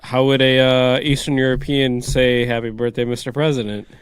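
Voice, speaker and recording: A man co-hosting a casual podcast chat who laughs easily and answers with wry, quick comebacks. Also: medium pitch, level tone, clean tone, no echo. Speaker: podcast co-host.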